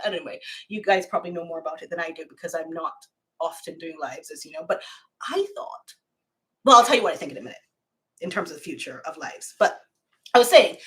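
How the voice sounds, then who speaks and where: A woman's voice: fairly low pitch, a bit bright. Gushing Barbadian woman chatting live. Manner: effusive, chatty, laughs often. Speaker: YouTuber hosting a live stream. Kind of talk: casual live-stream chat. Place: at home, camera set far off.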